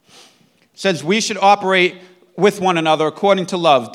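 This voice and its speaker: A man preaching a sermon in an earnest teaching manner, often checking in with the listeners and clearing his throat. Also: sits high. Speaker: pastor.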